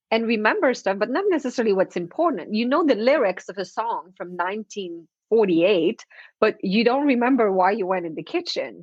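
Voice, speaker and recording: A woman guest on a podcast interview, explaining with animated everyday scenes and frequent laughter. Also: mid-range voice, no room sound, muffled recording. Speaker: confidence expert guest.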